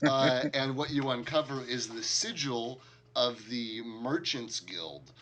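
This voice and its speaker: A man's voice: medium pitch, takes it slowly, a bit bright. A man narrating a tabletop game as game master, talking casually with many fillers and chuckles.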